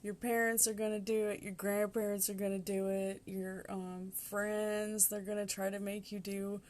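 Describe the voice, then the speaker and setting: A woman's voice: medium pitch, little pitch movement, moderate pace, darkish tone. A woman in her forties with a Southern accent, giving a casual tarot reading in a chatty, rambling way and laughing often. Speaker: tarot reader.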